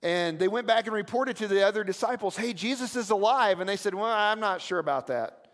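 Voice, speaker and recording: A pastor preaches a sermon in church, telling stories conversationally and making asides to the congregation. His high-pitched voice is animated and a little fast, trailing a long reverb tail.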